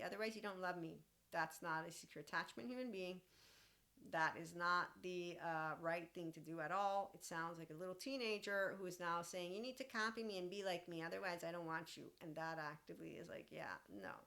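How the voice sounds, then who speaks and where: A woman's voice: on the low side, bright, forceful tone. A woman hosting a podcast, talking casually and animatedly, often laughing and acting out quoted lines. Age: young adult. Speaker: podcast host and mentor. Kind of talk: casual monologue.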